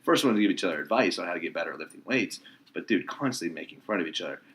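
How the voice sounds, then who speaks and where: A man's voice: low-pitched, animated, rapid-fire, a bit bright, husky. A man guesting on a podcast, a boisterous storyteller who swears freely in casual chat.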